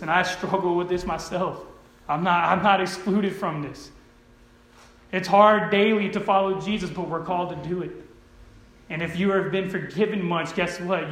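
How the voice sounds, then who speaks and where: A man with a high voice preaches a sermon, checking in with his listeners over and over. He swings from loud, urgent emphasis down to low, quiet earnestness. The room around him rings with a church echo. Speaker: pastor. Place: church sanctuary.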